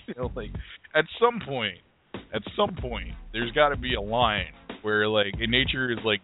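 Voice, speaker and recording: A man's voice: medium pitch, lively intonation, a little slow. A man co-hosting a live call-in comedy radio show, trading crude, mocking insults and laughing at his own jokes. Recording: phone-quality live radio stream with faint music.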